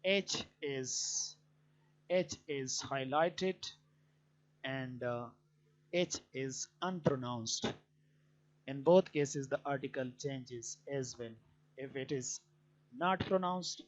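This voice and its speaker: A man teaching a grammar lesson, explaining points deliberately with frequent hesitant fillers. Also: medium pitch. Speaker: English teacher. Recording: dull lo-fi recording.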